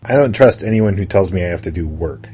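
A man's voice: low voice, animated, fast talker, warm tone, slightly rough. A man co-hosting a podcast, playing a game in casual chat with hesitant, dry humor. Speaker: podcast co-host, player.

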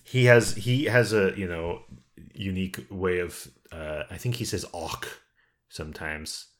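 A man's voice: deep voice, a little slow. A man co-hosting a casual podcast chat, talking in a meandering way and often restarting his thoughts. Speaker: podcast co-host.

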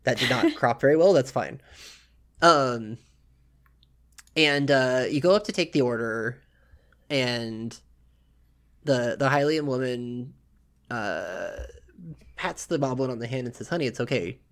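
A man narrating a tabletop game as game master, relaxed and halting, with many fillers. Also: mid-range voice.

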